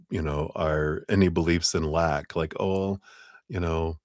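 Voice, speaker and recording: A man with a very low voice gives a tarot reading on a live stream. He is relaxed and chatty and talks in spiritual terms. His voice is close and dry, with no room sound. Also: dry recording. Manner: relaxed, chatty, thanks donors, spiritual wording. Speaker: tarot reader. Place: home.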